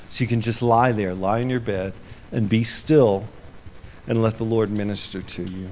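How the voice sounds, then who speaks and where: Animated preacher, hushed to emphatic. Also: male voice, fairly low pitch, normal speed, a little hiss or hum. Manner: conversational, swings from hushed to loud and emphatic; animated storyteller, acts out quoted lines. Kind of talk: informal sermon retelling scripture.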